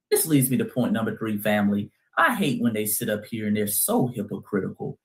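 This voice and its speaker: Male host, impassioned monologue, emphatic and direct, slightly raised pitch. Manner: heated, emphatic, addresses listeners as family. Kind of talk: commentary monologue.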